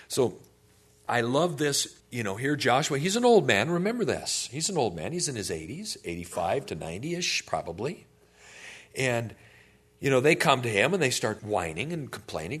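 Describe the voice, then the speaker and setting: With a medium-pitched, slightly rough voice at a moderate pace, a male pastor teaches a sermon conversationally. He's animated and keeps putting questions to his listeners.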